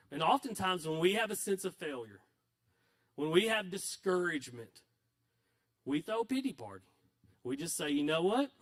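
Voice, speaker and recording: High-voiced pastor preaching. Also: male voice, fairly bright tone. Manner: conversational, self-deprecating storytelling. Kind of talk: sermon.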